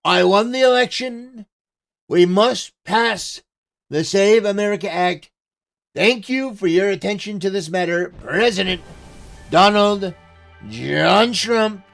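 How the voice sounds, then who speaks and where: A man's voice: high-pitched, takes it slowly, gravelly, a bit bright, faint music behind, exaggerated voice. A man putting on an impression of a brash, boastful older male politician, speaking in emphatic, repetitive bursts and praising himself.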